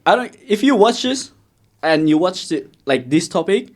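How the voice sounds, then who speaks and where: A man's voice: high voice, big pitch swings, normal speed. A young man, co-hosting a podcast with joking, slang-heavy banter. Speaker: podcast co-host. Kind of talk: casual chat.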